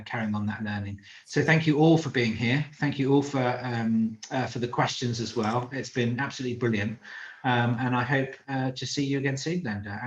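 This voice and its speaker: Gracious man host, dull lo-fi sound. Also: medium pitch. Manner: gracious, many fillers. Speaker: meetup host. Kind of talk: closing thanks.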